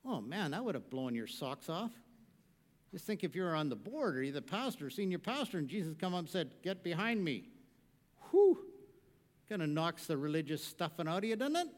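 Male pastor, sermon delivery, high-pitched voice, moves between hushed and loud preaching, long reverb of a church hall. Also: sing-song, a little fast.

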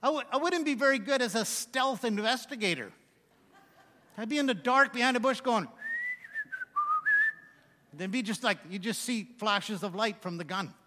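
A man's voice: very high voice, lively intonation, normal speed, pauses often, heavy background noise. A man preaching a sermon, mixing scripture readings with joking, self-mocking asides. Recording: long hall reverb.

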